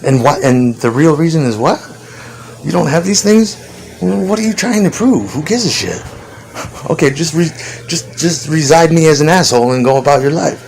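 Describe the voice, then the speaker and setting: A man's voice: a little high, animated, normal speed, creaky, darkish tone, slight background noise, poor audio. A man talking in a rambling, profane monologue, laughing often between thoughts. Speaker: vlogger.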